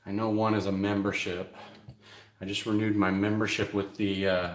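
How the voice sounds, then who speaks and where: A man's voice: fairly low pitch, little pitch movement, moderate pace, reverberant. A young man rambling casually to his viewers, swearing freely as he chats about his day. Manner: rambling, profane, chatty. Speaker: vlogger.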